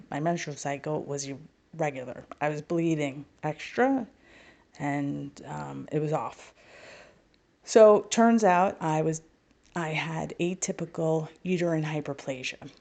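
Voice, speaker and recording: In a low voice with a darkish tone, a middle-aged woman recounts a personal story. She is a podcast guest and spiritual healer whose style is wry and candid, full of self-mocking jokes.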